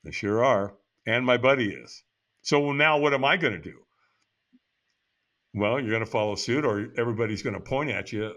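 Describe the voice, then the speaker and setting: This older man from the United States, a guest on a podcast, speaks in a mid-range voice at normal speed while relating a personal anecdote. He brings it to life by acting out the dialogue as he goes.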